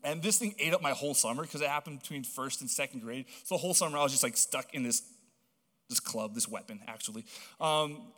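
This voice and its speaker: A young man from Hawaii delivers a casual storytelling sermon at a middle pitch, rambling and animated with plenty of casual fillers. His voice carries the long reverb of a large church auditorium. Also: quick pace. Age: young adult. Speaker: young guest preacher.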